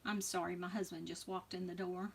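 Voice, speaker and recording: A woman hosting a live crafting demonstration, chatty and trailing off, with soft muttered asides. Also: lowish voice, flat delivery, a little fast, gravelly, breathy edge, far from the mic. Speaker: crafting demo host.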